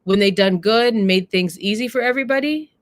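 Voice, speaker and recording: A woman reading aloud the lines of a wise, loving mother who gently corrects her daughter, measured and folksy. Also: mid-range voice, no echo, clean studio sound, lightly acted. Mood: tender, instructive. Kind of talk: reading a play quote aloud.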